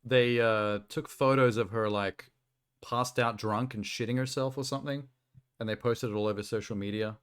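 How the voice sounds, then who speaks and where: A man streaming, reacting in relaxed, rambling casual chat with easy swearing. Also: medium pitch, moderate pace, clear, resonant tone.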